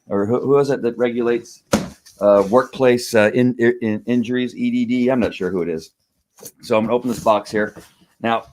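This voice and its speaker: A man talks through an unboxing in his home studio, his voice sitting a bit low. He rambles easily, full of fillers and restarts, and sounds a little winded from lifting the heavy box. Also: slight background noise. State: out of breath. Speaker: vlogger unboxing a gift. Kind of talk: casual live-stream unboxing.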